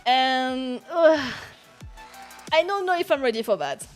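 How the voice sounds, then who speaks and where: Giggly high-voiced woman streamer. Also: animated, takes it slowly, faint music behind. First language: not English. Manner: giggly, chatty, frequent laughs and restarts. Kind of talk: casual chat.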